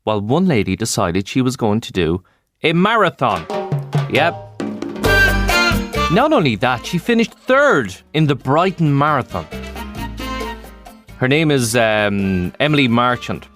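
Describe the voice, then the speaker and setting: Lively breakfast radio host. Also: male voice, mid-range voice, unhurried, pauses often, music in the background. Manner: chatty, animated, asides and fillers. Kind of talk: upbeat radio presenting.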